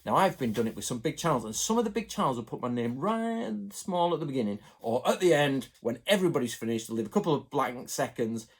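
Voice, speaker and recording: A man from England chatting to his viewers in a rambling, animated way, going off on asides. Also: mid-range voice, quick pace, few pauses, breathy edge. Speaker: channel host. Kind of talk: casual chat to camera.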